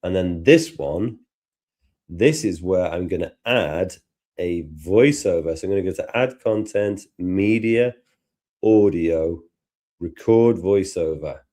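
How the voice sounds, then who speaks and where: Male tutor, Liverpool accent, low, slow, chatty, narrates his steps. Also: expressive, warm tone. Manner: chatty, thinks aloud while working. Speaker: tutor and host. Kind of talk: live software tutorial chat.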